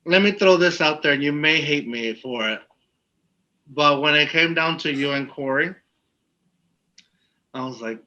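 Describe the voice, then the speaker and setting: A man's voice: fairly high pitch, a little slow, long pauses, bright, forceful tone, dull audio. A man co-hosting a casual podcast interview, rambling with lots of filler words. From Texas. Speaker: podcast co-host.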